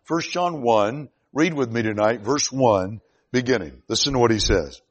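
A man preaching a sermon, reading scripture aloud and swinging between loud, emphatic declarations and quiet, slowed passages. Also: medium pitch, animated.

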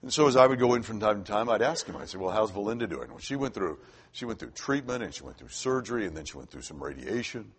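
Older male preacher, husky voice with a lot of rise and fall, chatty storytelling sermon. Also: on the low side, lively intonation, fast talker. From Florida. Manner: conversational, repeats words when starting sentences.

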